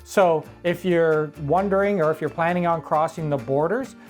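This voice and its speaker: Relaxed man explaining travel tips. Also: fairly high pitch, normal speed, soft background music. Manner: relaxed, explanatory, a bit rambling. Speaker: travel vlogger co-host. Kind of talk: casual travel tips chat.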